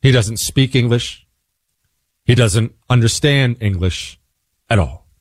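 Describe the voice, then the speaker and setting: Male radio host, mid-pitched, dry close mic, a bit under the weather, chatty and self-deprecating. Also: takes it slowly, dry recording. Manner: conversational storytelling, self-deprecating. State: a little sick, quieter than usual. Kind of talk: talk radio monologue.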